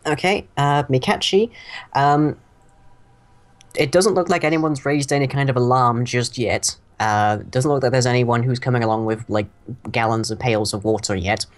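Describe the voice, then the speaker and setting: A man's voice: medium pitch, steady tone, normal speed. Hesitant man running a tabletop game. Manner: hesitant, many ums and uhs. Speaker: game master.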